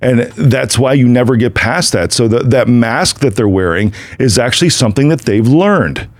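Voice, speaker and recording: A man's voice: mid-range voice, lively intonation, moderate pace, no echo. Emphatic man hosting a solo podcast. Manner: emphatic, repetitive, conversational with frequent "right?". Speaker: podcast host. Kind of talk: casual solo podcast monologue.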